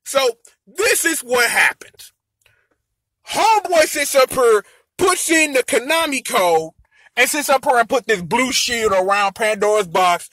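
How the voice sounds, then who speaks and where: A young man reviewing a show episode in an animated, slangy rant, acting out the characters as he goes. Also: very high-pitched, measured pace, no echo. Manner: animated, slangy, acts out characters in quoted voices. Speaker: anime and tokusatsu episode reviewer.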